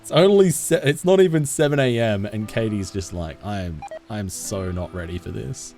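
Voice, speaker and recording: A man with a softened Australian accent, chatting casually with his live-stream audience as he plays, laughing often and answering chat. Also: fairly low pitch, moderate pace, faint music behind. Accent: Australian, toned down. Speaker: game streamer.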